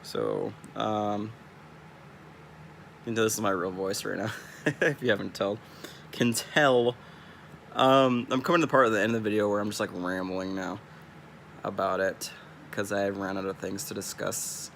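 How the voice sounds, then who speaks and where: A man's voice: fairly low pitch, level tone, moderate pace, creaky, long pauses, fairly bright tone, slight background noise. A young man from California with a Californian accent, rambling in a laid-back, casual vlog monologue. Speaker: streamer.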